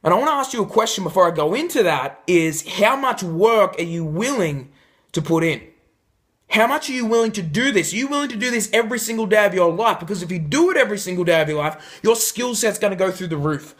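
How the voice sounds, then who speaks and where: High-voiced emphatic male coach. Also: expressive, quick pace, fairly bright tone. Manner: emphatic, shifts pitch for effect. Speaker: life coach. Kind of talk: motivational talk to camera.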